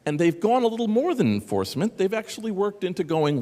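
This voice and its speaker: A man speaks at a conference in a big reverberant hall, his pitch bouncing up and down as he talks. He is sarcastic and animated and keeps drifting into asides to the crowd. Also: fast, few pauses. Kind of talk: lively conference talk. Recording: echoey hall.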